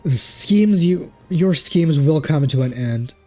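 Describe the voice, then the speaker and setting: A man's voice: fairly high pitch, expressive, takes it slowly, dark tone, no room sound, soft background music, pitched above the performer's own voice. A man reading a defiant young male hero's lines from a video game in close to his own voice. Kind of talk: reading game dialogue aloud.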